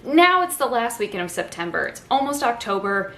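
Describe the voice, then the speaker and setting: A woman's voice: fairly high pitch, sing-song, brisk, a bit bright. A young woman vlogger sitting on her living room floor, chatting in a rambling, self-mocking way as she goes through her decorations. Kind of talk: casual chat. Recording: echoey room with faint ambience.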